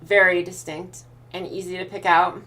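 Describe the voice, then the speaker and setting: A woman's voice: fairly low pitch, moderate pace. A woman with a Pacific Northwest American accent, streaming and chatting casually with viewers as she answers their messages. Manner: relaxed, thinks aloud with restarts while reading chat.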